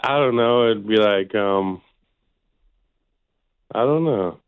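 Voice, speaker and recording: A man's voice: on the low side, slow pace, smooth, no room sound. Easygoing man from Canada on a tinny phone line. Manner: easygoing, agreeable, laughs easily. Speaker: caller. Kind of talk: casual phone call.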